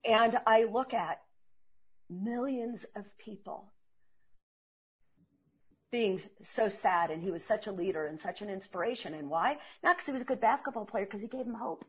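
A woman who trains salespeople, speaking as an interview guest and telling earnest, animated stories. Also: medium pitch, normal speed, pauses often, slightly rough.

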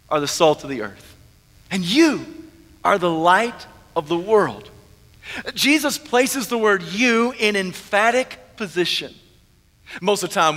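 A man, a minister preaching a sermon with emphatic repetition and drawn-out stresses. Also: high voice, sharp tone, long reverb tail.

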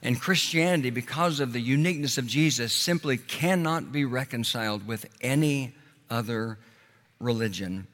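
A man preaching a sermon in an earnest way, slowing down and dropping his voice on key words. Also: fairly bright tone. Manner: earnest, slows and drops low on key words. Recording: long hall reverb.

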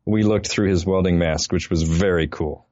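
A man co-hosting a podcast who tells a story in an animated way. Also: sits low, moderate pace, no echo, highs cut off. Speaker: podcast co-host. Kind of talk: casual podcast chat.

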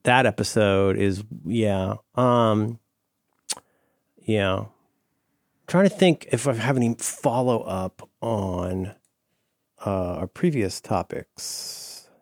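A man's voice: fairly low pitch, slow pace, pauses often, dry recording, studio quality. A man co-hosting a casual podcast, playful and jokey, rambling through his thoughts. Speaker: podcast co-host. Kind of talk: casual chat.

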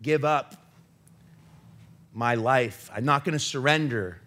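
A man's voice: medium pitch, slow pace, bright, forceful tone. A man voicing his defiant seventy-year-old father, who grumbles that he won't surrender.

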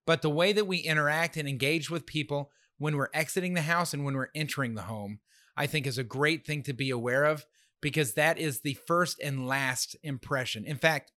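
A man's voice: fairly high pitch, pushed and bright, dry recording, studio quality. A middle-aged man with a slightly nasal voice, co-hosting a casual faith-based parenting chat in an earnest way, repeating words as he starts his thoughts. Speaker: podcast co-host.

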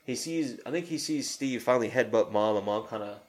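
A man's voice: mid-range voice, a little fast. A man in casual chat, retelling a film scene by scene through quoted lines, with a rambling, profane way of talking.

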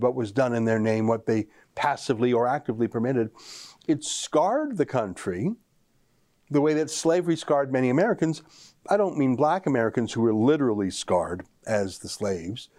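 A man's voice: mid-range voice, darkish tone. A man hosting a political commentary show, talking emphatically and straight to the listener. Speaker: show host.

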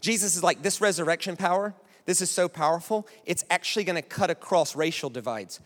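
American man, pastor, high voice, conversational sermon, reverberant hall. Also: fairly quick. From United States. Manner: conversational, animated, keeps asking "right?".

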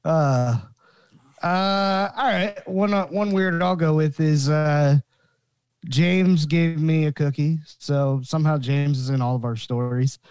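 A man's voice: on the high side, steady tone, slow, darkish tone, clear, resonant tone, no room sound. A man co-hosting a comedy podcast with a laid-back, goofy manner. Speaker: podcast co-host. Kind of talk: casual podcast chat.

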